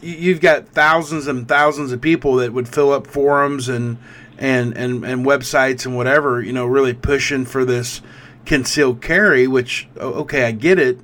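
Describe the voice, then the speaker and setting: A man's voice: medium pitch, steady tone, normal speed, fairly bright tone. A man co-hosting a podcast who speaks casually and restarts his sentences often. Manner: hesitant, repeats words. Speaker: podcast co-host. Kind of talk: casual chat.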